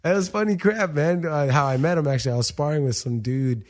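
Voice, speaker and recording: A man's voice: a little high, fast. A young man, a boxer guest on a podcast, telling a long story in casual chat, swearing a lot and acting out the lines of the people in it. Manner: animated, profane, acts out quoted dialogue. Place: podcast studio.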